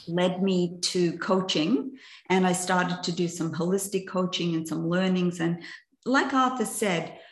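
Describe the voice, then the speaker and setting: Older woman, gravelly low voice, chatty storyteller, self-mocking asides, echoey room. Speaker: coach and presenter. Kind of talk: personal story in a masterclass talk.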